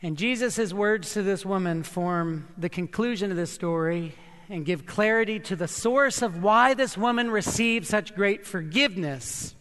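A man preaching a sermon, earnest and emphatic, with slow dramatic pauses. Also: sits high, a bit bright, clean tone, big-room sound. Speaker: pastor.

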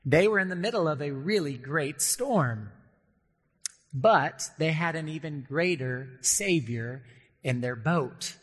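A man delivers a sermon in an earnest, deliberate way, easing the pace on key lines. His voice sits a little high for a man. Long reverb from a large church hall trails each phrase. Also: lively intonation, fairly bright tone, husky. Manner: earnest, slows down for emphasis, acts out quoted voices. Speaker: pastor.

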